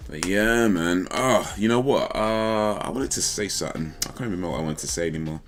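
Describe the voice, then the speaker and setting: A man's voice: sits low, brisk, hardly any pauses. A man hosting a casual livestream chat, rambling, laughing and trailing off mid-thought. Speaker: livestream host.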